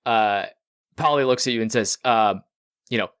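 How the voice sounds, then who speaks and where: A man running a tabletop game as game master, narrating scenes in a relaxed, supportive way with frequent fillers. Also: fairly low pitch, moderate pace, clear, resonant tone, no room sound, studio quality.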